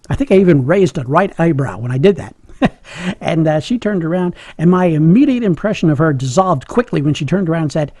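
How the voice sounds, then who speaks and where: A middle-aged man tells a personal story in a gravelly, husky voice, chuckling and poking fun at himself. He sounds a little higher than most men, close and dry. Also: expressive, a little fast, a little mellow, no echo. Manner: humorous, chuckling, self-mocking.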